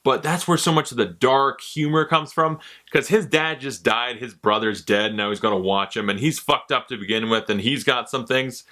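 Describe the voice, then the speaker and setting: A young man talks through a movie review in a relaxed, offhand way. He drops sarcastic asides and casual swearing. His tone is bright and sharp at a middling pitch. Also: normal speed, few pauses.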